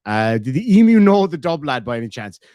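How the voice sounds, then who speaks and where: A man's voice: mid-range voice, big pitch swings, brisk, no echo, muffled recording. Irish man, casual streamer, rambling and swearing, dry close mic. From Ireland. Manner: rambling storyteller, swears freely. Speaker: streamer reading chat. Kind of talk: casual chat.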